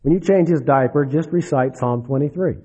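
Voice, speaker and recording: A man preaching a sermon, dropping low and soft then rising for emphasis. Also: normal speed, breathy edge. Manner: dramatic, swings between soft drops and rising emphasis. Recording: dull lo-fi recording.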